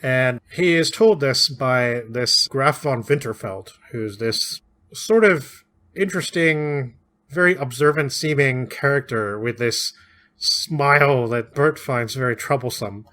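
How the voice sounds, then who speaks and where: A man's voice: mid-range voice, slow pace, sharp tone. A man co-hosting a podcast, casually recapping and discussing a classic novel, chatty and often laughing. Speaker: podcast co-host.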